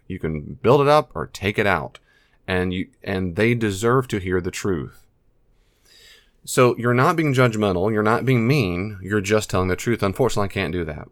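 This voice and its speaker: A man's voice: on the low side, no echo, studio quality. A man with an American accent giving earnest, emphatic advice straight to camera, often repeating his key phrases. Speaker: advice speaker on addiction and family. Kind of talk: direct-to-camera advice talk.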